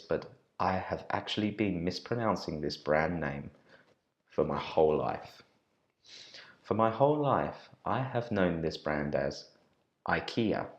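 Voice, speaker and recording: A man teaching an online pronunciation lesson as an English teacher, repeating words slowly and carefully and talking directly to his viewers. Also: low voice, lo-fi sound. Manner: friendly direct address to viewers.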